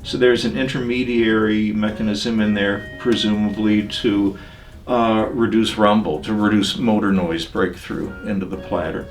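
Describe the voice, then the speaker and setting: An older man talking about records and turntables in a relaxed, digressive interview, with many pauses and fillers. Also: on the low side, faint music behind. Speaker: audio magazine editor.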